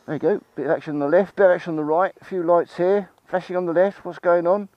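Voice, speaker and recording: Excitable man riding a motorbike. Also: sits high, fast, no echo. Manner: chatty, excitable, swears freely. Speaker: motorcycle reviewer. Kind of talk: casual ride-along review commentary. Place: outdoors on a motorbike in traffic. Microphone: helmet-mounted mic. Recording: muffled, engine and road noise.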